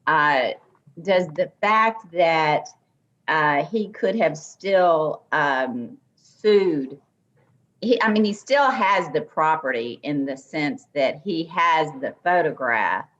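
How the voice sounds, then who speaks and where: A woman judge questioning counsel in court, thinking aloud slowly and hesitantly as she forms her question. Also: sits low, lively intonation, fairly bright tone, highs cut off. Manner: slow, tentative, with fillers and restarts while forming a question.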